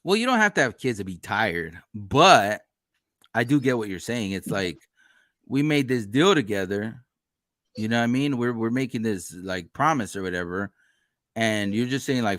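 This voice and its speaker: A man's voice: on the low side, normal speed, no room sound. A man hosting a casual podcast chat, laid-back and swearing freely. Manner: laid-back, profane, animated delivery. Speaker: podcast host.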